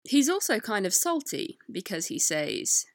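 A woman narrates a history podcast from a script, dropping in wry, sarcastic asides. Her pitch swings freely and often goes gravelly at the ends of phrases. The recording is close and dry. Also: wildly swooping pitch, unhurried, no room sound. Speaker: podcast host.

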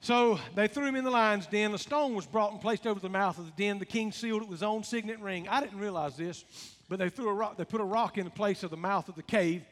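A man's voice: sits high, fast talker. A man preaching a sermon, calling out to the congregation in a rhythmic, rising delivery. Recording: long reverb of a large hall.

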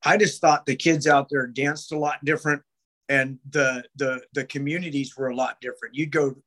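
A man's voice: mid-range voice, fairly even intonation, normal speed, a bit bright. A man as a podcast guest, telling rambling stories with heavy swearing and many restarts. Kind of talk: casual podcast chat.

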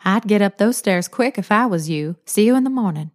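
A woman's voice: mid-range voice, lively intonation, brisk, close to an everyday voice. Woman doing a teasing old grandmother. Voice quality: soothing, drawling.

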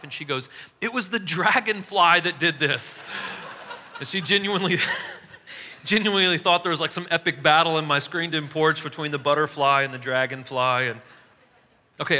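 A man with a raised, bright voice delivers a relaxed, joking sermon. He talks to the congregation casually and pokes fun at his own stories. The sound carries a long reverb from a big church hall. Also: a little high, slight background noise. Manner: chatty, self-mocking, laughs at his own stories. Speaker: preacher.

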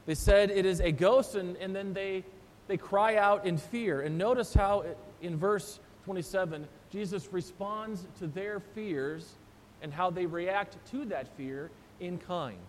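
A pastor preaching a sermon, retelling the story with animated voices for the disciples. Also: male voice, a little slow. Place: church sanctuary. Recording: long church reverb, faint rumble.

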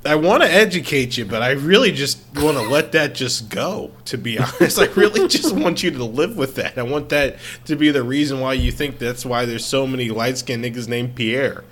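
A man's voice: medium pitch, lively intonation, moderate pace, few pauses, fairly bright tone, a little hiss or hum. A man in his twenties co-hosting a podcast in casual chat, crude and joking and laughing often. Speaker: podcast co-host.

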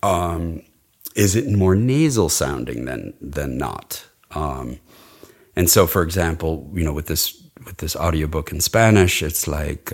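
Middle-aged male dialect coach, very low voice, chatty and rambling. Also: expressive, measured pace, slightly rough. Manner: enthusiastic, rambling, demonstrates sounds. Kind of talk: casual interview chat.

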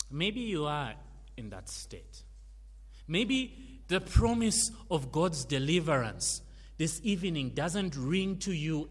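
Emphatic preacher man in a big echoing hall. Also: on the high side. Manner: emphatic, swinging from loud stresses to hushed endings. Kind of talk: sermon. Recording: long hall reverb.

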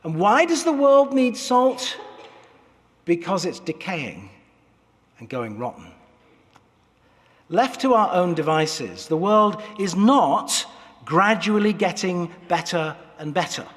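A man's voice: high-pitched, big pitch swings, takes it slowly, long pauses, a bit bright. A man preaching a sermon as pastor, earnest and emphatic, letting his phrases fall away at their ends. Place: church sanctuary. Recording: church hall reverb.

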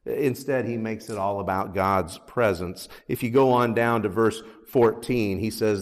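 A man's voice: unhurried, hardly any pauses. A man preaching a sermon as pastor, earnest, lifting his voice when he reads scripture. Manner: earnest, rises in pitch and force on scripture readings. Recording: long hall reverb.

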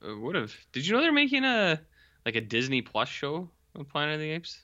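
A tired man co-hosting a casual podcast, his voice bright and lively, swinging up and down as he tells stories. The sound is dull and lo-fi. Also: fairly high pitch, moderate pace. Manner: animated, tells anecdotes with quoted voices. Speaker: podcast co-host. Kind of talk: casual chat.

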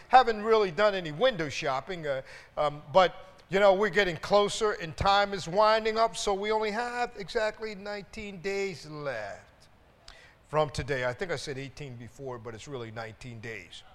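A high-pitched male pastor preaching to his congregation, calling out hallelujahs and asking the room to answer back. He stumbles over repeated words as he builds his points. His voice rings through the long reverb of a church sanctuary. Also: a bit bright. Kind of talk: sermon.

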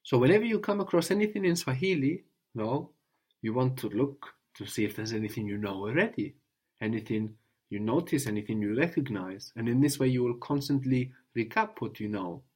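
A man's voice: medium pitch, animated, fairly quick, a little mellow, slightly rough. A man teaching a language lesson patiently, often checking in with a questioning "no?".

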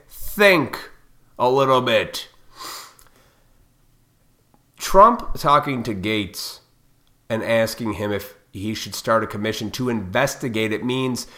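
A man with a bright, forceful voice rants straight at his audience. He is blunt and profane, and he lectures them with heated intensity. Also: medium pitch. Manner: heated, fired up. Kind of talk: ranting monologue to viewers.

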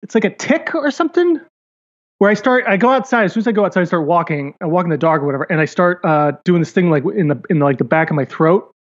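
A man's voice: high voice, lively intonation, fast talker, lo-fi sound. A man co-hosting a podcast, rambling and hesitant in casual banter and laughing often. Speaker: podcast co-host.

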